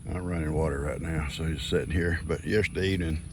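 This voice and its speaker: A man's voice: a bass voice, fairly even intonation, fast, noisy background. An older man, chatting casually to his farm animals and viewers outdoors. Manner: folksy, talks sweetly to his animals. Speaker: farm vlogger.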